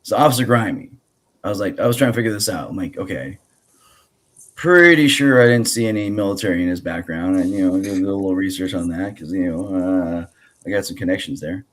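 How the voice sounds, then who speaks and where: A man hosting a relaxed podcast, his voice sitting very low. He talks in a loose, rambling way, full of fillers and false starts. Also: a little fast. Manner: rambling, many fillers and restarts. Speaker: podcast host. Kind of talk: casual podcast chat.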